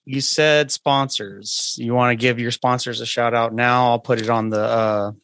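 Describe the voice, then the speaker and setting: Casting: easygoing male podcast host, middle pitch, dry close recording. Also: steady tone, normal speed, a bit bright, smooth, dry recording. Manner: laid-back, short reactions and affirmations. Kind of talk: casual interview.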